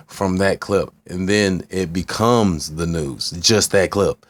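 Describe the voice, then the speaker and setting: Deep-voiced rambling profane man. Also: steady tone, a little slow, few pauses, no room sound. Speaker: vlogger. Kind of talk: casual rambling vlog.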